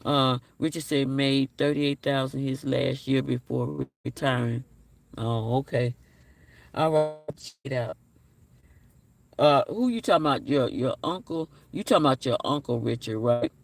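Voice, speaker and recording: A man in his forties hosting a casual livestream, reading viewer comments aloud and repeating his phrases, sounding low on energy. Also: normal speed, vocal fry, no room sound. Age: 40s. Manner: repeats his phrases, talks straight to the chat. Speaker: livestream host.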